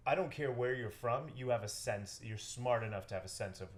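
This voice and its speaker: A man's voice: medium pitch, fairly quick. A young man, a real estate agent, telling stories in a casual interview and acting out the people in them. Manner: animated storyteller, acts out quotes.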